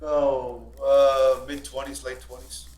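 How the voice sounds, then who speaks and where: A man's voice: mid-range voice, level tone, slow, a little mellow. Profane, rambling man telling stories in an echoey room. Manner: profane, rambling, repeats himself. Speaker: stream guest. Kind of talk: casual storytelling. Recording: echoey room with faint hum.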